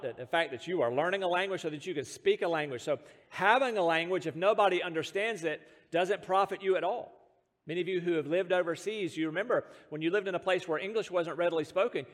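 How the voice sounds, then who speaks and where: A man's voice: high-pitched, long reverb tail. An American man preaching a sermon, explaining scripture and telling stories with self-deprecating humor and the odd chuckle. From United States. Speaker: pastor.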